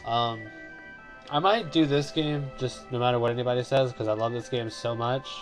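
A man talks casually while he plays a video game, rambling from one thought to the next with frequent ums and side remarks. His voice sits at an ordinary middle pitch. He reads the game's text aloud as he goes. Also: moderate pace, music in the background. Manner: rambling, with many fillers and asides. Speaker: let's play host.

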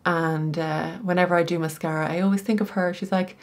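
Chatty middle-aged woman, lowish voice. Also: fairly even intonation, fairly quick. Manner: chatty, explains each step with casual asides. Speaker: style coach. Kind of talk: makeup tutorial.

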